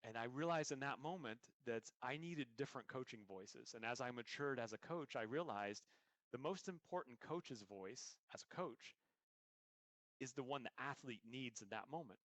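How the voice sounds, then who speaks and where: A man's voice: mid-range voice, lively intonation, moderate pace, a bit bright, no room sound. A man, an endurance coach, answering interview questions in an earnest way, often restarting and repeating words.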